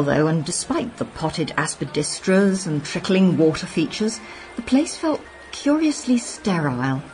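A woman reads a first-person story aloud with a crisp, wry delivery. Her pitch moves in a lively way, and soft music plays underneath. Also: rough recording. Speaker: audiobook narrator. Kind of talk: scripted first-person narration.

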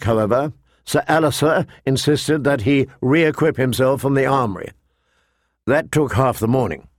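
A man narrating a fantasy novel in a measured storytelling manner, voicing the characters. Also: mid-range voice, no room sound, clean studio sound. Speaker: audiobook narrator. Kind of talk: scripted narration.

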